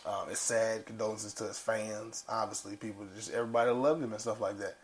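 A man's voice: on the low side, steady tone, brisk. Laid-back man chatting on a podcast. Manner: laid-back, rambling, laughs often. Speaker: podcast co-host. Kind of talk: casual chat.

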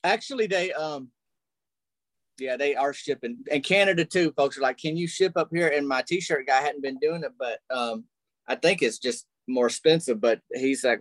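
Southern man guesting on a podcast, unhurried country talk, dry sound. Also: mid-range voice, no echo. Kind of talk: casual chat.

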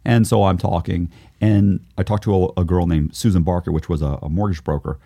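A middle-aged man, a guest on a podcast, casually telling an animated story, acting out what people said and chuckling often. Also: deep voice, a little fast, vocal fry, dry recording. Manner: animated, acts out quoted dialogue, chuckles often. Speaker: guest, author and former con artist.

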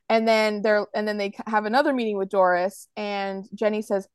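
A woman's voice: medium pitch, steady tone, fairly quick, hardly any pauses, darkish tone, clean tone, no echo. An American woman co-hosting a podcast in casual chat, rambling through her points and acting out quotes from scenes. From United States. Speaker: podcast co-host.

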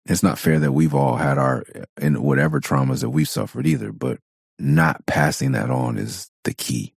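Gravelly, very deep-voiced man. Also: big pitch swings, normal speed, no room sound, studio quality. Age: adult parent of four. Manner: blunt, profane, candid, laughs often. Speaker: podcast host. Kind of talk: casual podcast monologue.

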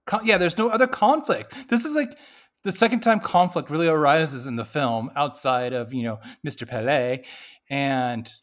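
A man's voice: on the high side, moderate pace, fairly bright tone. A man co-hosting a podcast, chiming in with joking, wry asides during a casual movie recap. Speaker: podcast co-host.

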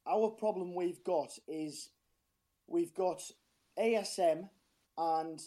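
A man's voice: high-pitched, takes it slowly, mellow. A man calling in as a football fan, talking in a passionate, frustrated, rambling way with a strained voice. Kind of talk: casual phone-in chat.

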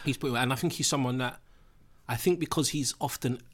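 A man's voice: medium pitch, fast talker, a bit bright. A young man with a London accent, co-hosting a podcast with opinionated, joking chat full of slang. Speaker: podcast co-host. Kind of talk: casual banter.

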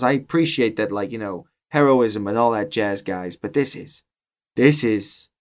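An Irish man chats as a player in a tabletop game, rambling and restarting his sentences. His voice sits at an ordinary pitch for a man. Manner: rambling, lots of fillers and restarts. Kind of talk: casual in-character chat.

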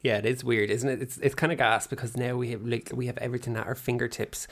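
A man's voice: mid-range voice, little pitch movement, quick pace. Jokey man co-host. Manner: jokey, mocking banter. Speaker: podcast co-host. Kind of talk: casual chat.

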